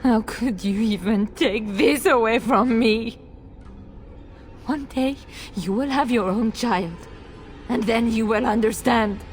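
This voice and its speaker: A woman's voice: on the high side, slow pace, slight background noise. An actress voicing a noble mother desperate to save her son, emotional and pleading, in a video game. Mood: resigned.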